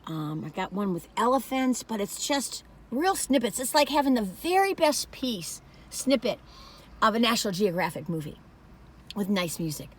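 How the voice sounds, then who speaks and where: A woman from the northern US taste-tests a dessert for her vlog, chatting emphatically and rambling as she goes. Her voice is medium-pitched and very animated, moving at a moderate pace in this casual food review.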